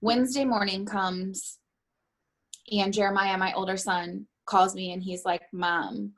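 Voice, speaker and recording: A middle-aged woman being interviewed, recounting a painful personal account in a halting way and often stopping to correct herself. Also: mid-range voice, fairly even intonation. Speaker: interviewee, bereaved mother.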